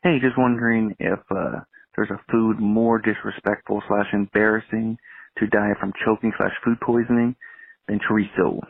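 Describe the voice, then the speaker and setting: A man's voice: fairly low pitch, fairly even intonation, normal speed, gravelly, husky, no echo. A man from California leaving a hesitant, stammering voicemail question for a podcast. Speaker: caller. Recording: tinny phone voicemail.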